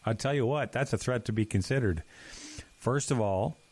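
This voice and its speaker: A man's voice: medium pitch, normal speed, a little mellow, breathy edge. A man co-hosting a podcast, telling folksy stories and jokes in casual chat. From Canada. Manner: folksy storyteller, jumps into put-on voices. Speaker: podcast co-host.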